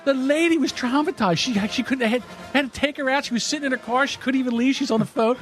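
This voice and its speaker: A man hosting a podcast, telling a rambling story in a lively, laughing way. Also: very high voice, fast talker, few pauses, soft background music. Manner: animated, laughing, repeats himself. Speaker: podcast host. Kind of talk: casual storytelling.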